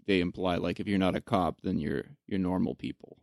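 A man in casual conversation about a film, retelling scenes with animated energy and some swearing. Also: sits low, fairly quick, no echo, clean studio sound. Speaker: podcast co-host.

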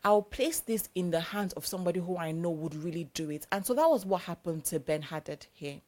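A woman's voice: on the low side, a little fast, darkish tone. A young adult woman preacher giving a sermon in a conversational, emphatic, repetitive way.

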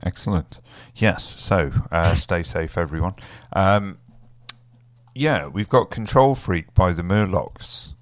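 A low-pitched man chats loosely as a radio host, drifting between jokes and half-finished thoughts. His voice sits deep and the sound is dry and close. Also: slow, no echo. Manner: rambling, jokey, trails off mid-sentence. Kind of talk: casual radio chat.

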